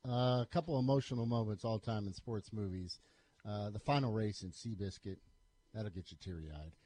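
A man's voice: lowish voice, moderate pace, warm tone, breathy edge. A man co-hosting a sports radio show, dropping in short, dry prompts and suggestions. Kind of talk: casual sports talk.

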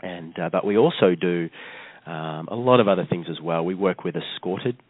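Low-voiced Australian man on a phone line. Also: normal speed, no room sound. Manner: hesitant, many fillers and restarts. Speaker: travel company guest. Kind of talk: casual interview.

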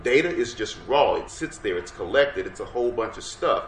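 Male workshop presenter, energetic and audience-driven, mid pitch, roomy room with faint hiss. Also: moderate pace. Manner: energetic, coaxes audience to respond. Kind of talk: interactive workshop lecture. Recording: roomy room sound, faint background noise.

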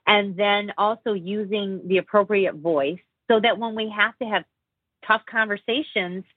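Woman, communication trainer, animated explainer, tinny phone audio, dry. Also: medium pitch, measured pace, breathy edge, no echo. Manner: animated, explanatory, demonstrates voice tones. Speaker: communication trainer, interview guest. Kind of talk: conversational interview.

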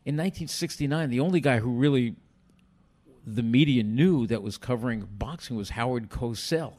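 An older man, a guest telling animated stories from his past and acting out other people's lines. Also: medium pitch, moderate pace. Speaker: interview guest. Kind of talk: storytelling in a podcast interview.

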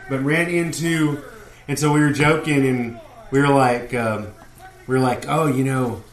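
There's roomy echo around this co-host of a laid-back wrestling fan podcast, whose mid-range voice stays fairly even and measured. His chat wanders through long anecdotes, and he performs the voices of whoever he's quoting.

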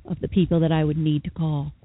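A woman guest, a psychotherapist and author, telling a personal story with lively, dramatic quoted voices in an interview. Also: low-pitched, fast talker, husky. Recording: tinny phone line.

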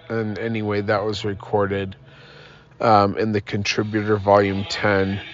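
Sleepy guy rambling on his podcast from his car, slow, lots of ums, dull lo-fi audio. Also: fairly low pitch, monotone, slight background noise. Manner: rambling, self-deprecating, many fillers. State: sleepy, yawning. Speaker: podcast host. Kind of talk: casual rambling podcast talk. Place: inside a parked car.

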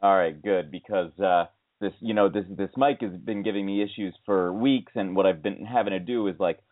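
Speaking into iPhone earbuds, this male co-host of a casual talk show tells meandering stories at a moderate pace, restarting again and again and bursting into high-pitched exasperation. The recording has a dry, tinny, phone-like quality.

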